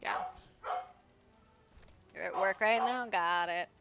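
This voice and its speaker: A woman streams from home, chatting casually, cursing freely, and using baby talk with her dogs. Her medium-pitched voice is creaky and unhurried, and the lo-fi recording sounds dull, with faint music behind her.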